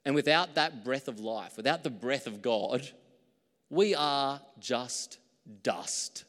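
A man preaching a sermon as pastor, in a relaxed conversational way that pokes fun at his own slips. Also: medium pitch, slow pace, in a large hall.

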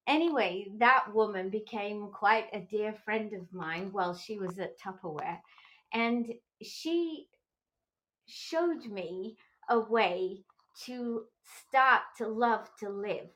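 A middle-aged woman hosting a podcast, talking slowly and earnestly in an encouraging motivational tone. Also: mid-range voice, fairly bright tone, low-quality recording. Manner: slow, earnest and encouraging, with small restarts. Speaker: podcast host. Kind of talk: motivational talk.

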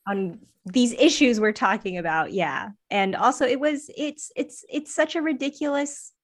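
A woman who is a guest author on a podcast, chatting casually, laughing and telling animated stories. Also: a little high, normal speed. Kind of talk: casual chat.

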